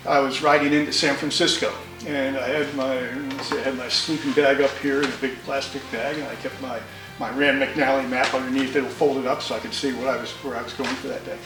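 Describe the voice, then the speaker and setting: In this storytelling interview, a New York motorcycle owner, an older man, rambles through folksy tales about his motorcycle with frequent restarts. He speaks fairly quickly in a mid-range voice that barely changes pitch. The sound is roomy and poor, captured from a distance over music.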